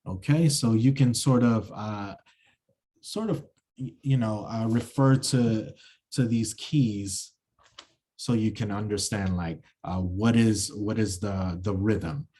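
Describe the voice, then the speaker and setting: A man lecturing on verse and meter over a video call. His voice sits low and mellow, and he speaks slowly. He stops and restarts often, filling the gaps with ums and you-knows. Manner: halting, many fillers and restarts. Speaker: acting instructor. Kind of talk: online lecture with screen share.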